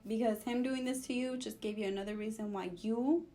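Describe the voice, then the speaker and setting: A young woman, telling a storytime vlog in a sassy, animated way and mixing in Spanish. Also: a little high, fairly quick, soft background music. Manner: sassy, animated, switches between English and Spanish. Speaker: vlogger.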